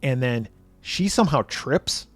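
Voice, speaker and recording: A man co-hosting a podcast, casually retelling a film's plot with profanity and quick quoted lines. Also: medium pitch, lively intonation, dry recording, faint music behind. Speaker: podcast co-host. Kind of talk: casual film review chat.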